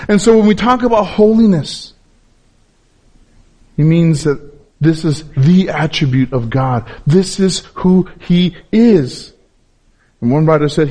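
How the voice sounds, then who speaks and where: A man preaching a sermon, stressing key words by repeating them and dropping low and slow on important points. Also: warm tone.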